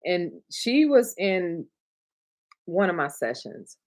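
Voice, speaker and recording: A woman's voice: lowish voice, big pitch swings, slow. A middle-aged woman from Michigan chatting casually on a livestream, talking to her viewers and laughing often. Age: 30s to 40s. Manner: chatty, warm, talks to chat, laughs often, gets emotional. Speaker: livestream host, notary signing agent trainer.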